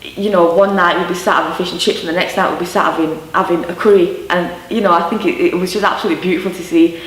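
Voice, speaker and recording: A woman's voice: fairly low pitch, steady tone, fast. A woman in her twenties with a Yorkshire accent, chatting candidly about growing up, with lots of "you know" and "um". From Yorkshire, England. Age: 20s. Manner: chatty, warm storytelling with many fillers. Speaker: interviewee. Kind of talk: candid personal recollection. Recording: roomy sound from a mic at a distance.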